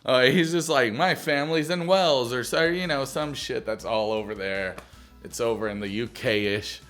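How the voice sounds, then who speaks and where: A man talks through a movie in a casual, rambling way, joking at his own expense and swearing freely. His voice sits in an ordinary middle range. Faint music plays quietly behind him. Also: mid-range voice, normal speed. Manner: loose, profane, jokey, self-mocking. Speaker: movie reviewer.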